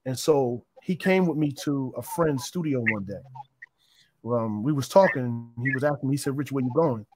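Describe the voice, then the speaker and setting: A man's voice: mid-range voice, moderate pace, noisy background. Reflective man telling his story. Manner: reflective, meandering, with frequent restarts. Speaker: interview guest. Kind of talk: casual storytelling interview.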